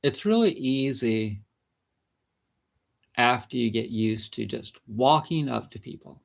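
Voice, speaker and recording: A man's voice: medium pitch, takes it slowly, creaky. A man vlogging about natural health in a casual, rambling monologue, chatty and laughing between sentences.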